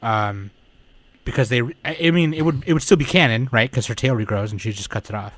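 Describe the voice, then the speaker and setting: A man hosting a podcast in casual chat, excitable and swearing freely. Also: medium pitch, a little fast, dry recording. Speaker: podcast host.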